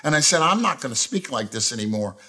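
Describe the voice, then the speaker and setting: A man's voice: mid-range voice, fast talker. A middle-aged man preaching a sermon, telling stories and acting out the phrases people say. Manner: animated storytelling, acts out quoted phrases. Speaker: pastor.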